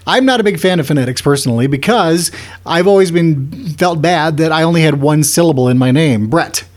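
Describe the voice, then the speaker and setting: A man's voice: fairly high pitch, fairly quick. A man co-hosting a podcast, chatting casually in a joking, playful way with frequent restarts. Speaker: podcast co-host. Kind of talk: casual chat.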